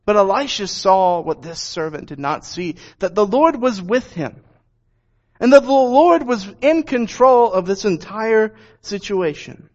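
A man reads a Bible passage and then preaches on it in an earnest, emphatic way. His voice is fairly high for a man, and the recording sounds dull and lo-fi. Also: expressive, unhurried. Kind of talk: Bible reading and sermon.

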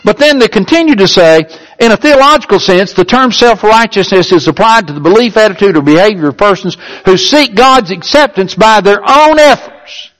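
A man's voice: sits high, lively intonation, normal speed, a bit bright, low-quality recording. A man preaching a sermon, stretching out key words for emphasis and lifting his voice when he reads a definition aloud.

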